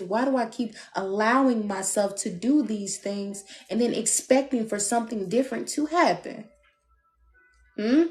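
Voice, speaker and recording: A woman giving a live-streamed love reading, blunt and animated, with playful asides. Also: a little high. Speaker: tarot reader. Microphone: phone.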